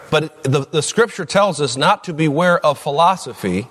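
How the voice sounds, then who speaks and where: A pastor preaching a conversational sermon, asking the congregation questions and reading scripture slowly and deliberately. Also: male voice, fairly high pitch, expressive, fairly bright tone. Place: church sanctuary. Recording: long reverb of a large room.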